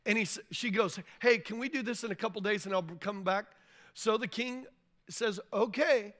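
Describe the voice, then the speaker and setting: A pastor with a high, bright voice delivers a sermon in a church. He tells the story loosely and conversationally, acting out the figures' lines in plain modern speech. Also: moderate pace.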